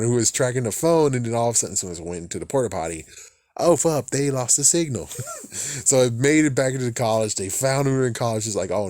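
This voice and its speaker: A man's voice: mid-range voice, a little mellow, dry recording, studio quality. A young man recapping a movie in a loose, rambling way, swearing freely and restarting his sentences. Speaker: movie reviewer.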